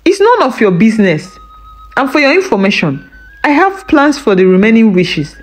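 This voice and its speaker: A woman's voice: fairly high pitch, sing-song, normal speed, faint music behind. A woman voicing a greedy, scheming village wife who scolds and threatens sharply.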